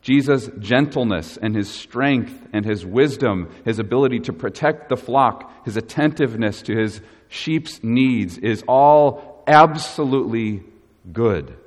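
Earnest preacher in a reverberant hall. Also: male voice, mid-range voice, a little mellow. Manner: earnest, measured preaching with emphatic stresses. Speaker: pastor. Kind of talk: sermon. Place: church. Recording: long reverb of a church hall.

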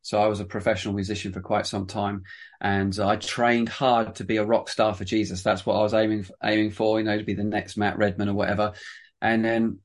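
A man with a lowish voice tells his story in an interview. He is a pastor and church planter from England. His telling rambles along, full of restarts and self-deprecating asides. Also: little pitch movement, fairly quick.

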